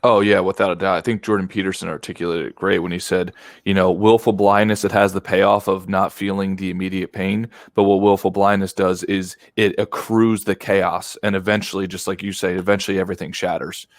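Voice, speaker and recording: A man's voice: low voice, level tone, fairly quick, no room sound, clean studio sound. A man in casual podcast conversation, explaining ideas reflectively through analogies. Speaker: podcast guest.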